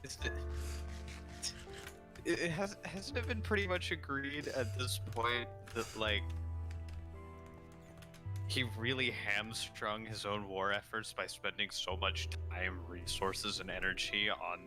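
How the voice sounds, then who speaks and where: A man's voice: fairly low pitch, takes it slowly, pauses often, music in the background. A man co-hosting a podcast in casual chat, sarcastic and jokey. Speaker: podcast co-host.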